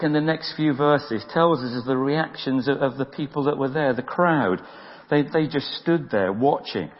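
A man preaching a sermon in an earnest, plain-spoken way, often repeating words as he presses a point. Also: mid-range voice. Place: church. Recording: dull lo-fi audio with long church reverb.

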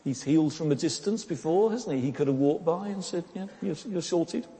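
A man's warm, mellow voice, pitched on the high side, carries a sermon full of casual chatter and questions tossed to the audience, though he stumbles over repeated words. The church hall gives it a long, ringing reverb.

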